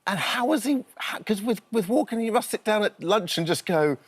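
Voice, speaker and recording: A man's voice: high-pitched, lively intonation, moderate pace. A man co-hosting a casual chat show, asking long, rambling questions. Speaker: TV co-host.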